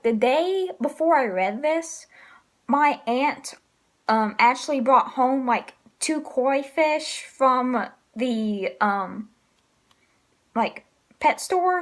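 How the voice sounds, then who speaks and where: A woman casually reviewing manga chapters, rambling with lots of ums and likes and laughing often. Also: high voice.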